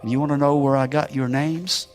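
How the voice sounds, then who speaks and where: A man preaching as a missionary, telling a story emphatically, rising to shouts and falling to near whispers. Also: fairly high pitch, steady tone, a little fast, over music. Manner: emphatic, climbing to shouted exclamations, then dropping to a hush. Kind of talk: sermon storytelling.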